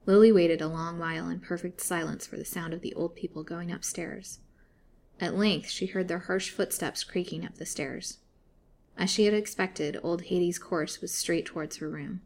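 A woman narrating a serialized storybook in a steady, expressive reading. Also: on the low side, slight background noise. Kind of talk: scripted narration.

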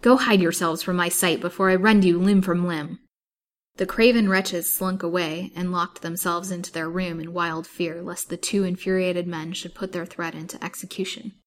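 A woman with a slightly low voice reads a serialized novel aloud as a storyteller. Her narration is steady and even.

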